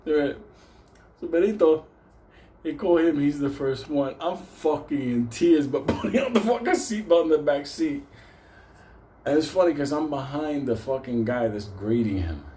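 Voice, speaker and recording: A man's voice: on the high side, expressive, moderate pace, dark tone, slight background noise. A man telling a comic story casually, profane and laughing as he rambles.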